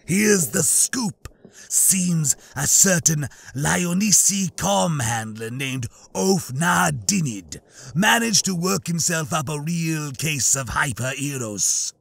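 A man's voice: on the high side, lively intonation, gravelly, fairly bright tone, no echo, full character voice. A man voicing a greedy, snarling male reptilian bounty hunter in an audiobook, drawling and leering. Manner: drawling, leering, slow and gloating. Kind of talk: audiobook character voice.

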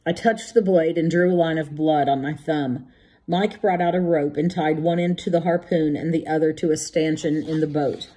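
A woman narrating a novel as an audiobook in a measured, vivid storytelling manner. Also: deep voice, fairly even intonation, dark tone, slightly rough. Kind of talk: scripted narration.

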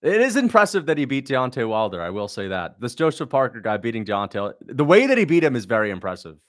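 A man's voice: medium pitch, sing-song, fast. A young man hosting a livestream, chatting casually, blunt and sarcastic as he reads out viewer questions and mocks what he sees. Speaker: livestream host reacting to a fight.

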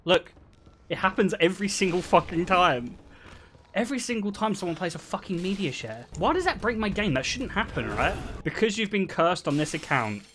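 A man's voice: high-pitched, animated, brisk, a bit bright, slight background noise. A man in his twenties, chatting and joking teasingly with his viewers while streaming a game. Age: 20s. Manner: teasing, joking, often laughing. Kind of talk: casual live-stream chatter.

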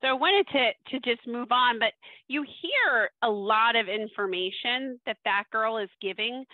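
A woman's voice: a little high, lively intonation, a little slow, no room sound. A woman giving a webinar talk as a social skills coach, teaching in a conversational way and often checking in with "right?". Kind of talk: webinar presentation. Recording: dry, phone-like audio.

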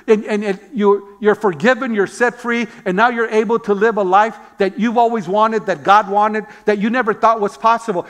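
A man with a high voice preaches a sermon from the pulpit. He tells a story, throws rhetorical questions at the congregation and calls out amen, now and then repeating a word while he searches for the next. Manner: repeats words when searching for them. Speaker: pastor.

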